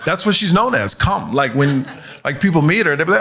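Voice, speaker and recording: A male stand-up comedian doing crowd work in a club, animated and often laughing at his own jokes. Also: a little high, fairly quick, noisy background. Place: comedy club stage with audience.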